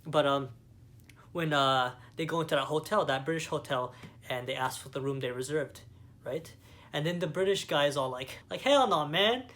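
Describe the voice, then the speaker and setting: A man's voice: mid-range voice, moderate pace, fairly bright tone. A young man from Canada giving a casual movie review, rambling with lots of fillers and enthusiasm. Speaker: vlogger.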